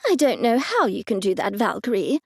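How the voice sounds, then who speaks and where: A woman's voice: fairly high pitch, very animated, brisk, creaky, a little mellow, husky, dry recording, clean studio sound, exaggerated voice. A woman voicing a bossy, fussing older aunt in an audiobook.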